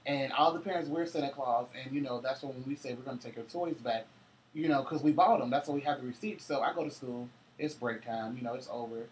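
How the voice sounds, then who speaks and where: A man's voice: medium pitch, fairly quick, a little hiss or hum. A man co-hosting a casual chat, telling loose, profane holiday stories with frequent laughter. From Cincinnati, US. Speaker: co-host.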